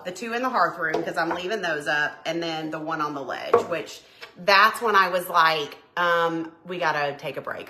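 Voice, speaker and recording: Southern lady in her 40s, tennessee accent, chatty live-stream crafter, bright voice. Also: mid-range voice. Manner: chatty and folksy, with lots of filler words. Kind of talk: casual chat reading live comments.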